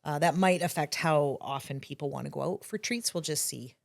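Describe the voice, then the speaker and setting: A woman's voice: low voice, brisk, creaky. A woman, a bakery co-owner, chatting casually and upbeat as a podcast guest. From Canada.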